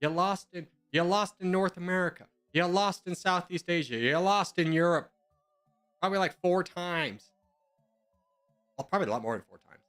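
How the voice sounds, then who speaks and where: A young man with a slightly high voice chatting casually over a game, full of dry jokes and sarcasm. Faint music plays behind him. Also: normal speed, a bit bright. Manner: joking and sarcastic. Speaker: gamer in voice chat. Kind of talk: casual gaming chat.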